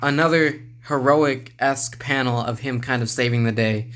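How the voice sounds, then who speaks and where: A man reviewing a manga volume in a relaxed, rambling way, with lots of filler sounds and small chuckles. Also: medium pitch, normal speed. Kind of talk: casual video review.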